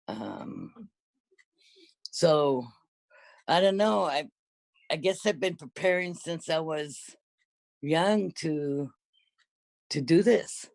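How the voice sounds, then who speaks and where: An older woman with a low, slightly mellow voice reminisces casually in conversation. She rambles and often corrects herself mid-sentence. There's no echo.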